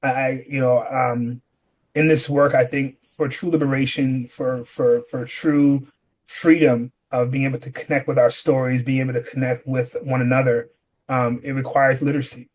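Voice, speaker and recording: Animated man telling stories. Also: medium pitch, moderate pace. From Rochester, New York. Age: adult parent. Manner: animated, acts out quoted dialogue. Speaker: podcast guest. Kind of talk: conversational interview.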